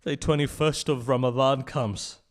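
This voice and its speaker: A man giving a mourning sermon that moves from hushed, low telling to loud, high, tearful pleading, choked with tears. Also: fairly even intonation, normal speed. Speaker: speaker at a memorial gathering. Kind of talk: Shia majlis sermon with mournful recitation.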